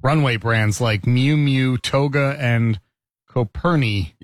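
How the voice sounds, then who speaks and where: A man's voice: medium pitch, slow pace, no echo, studio quality. A man in his forties, a morning radio host, chatting casually and laughing often as he tells stories. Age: 40s. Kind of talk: casual morning show banter.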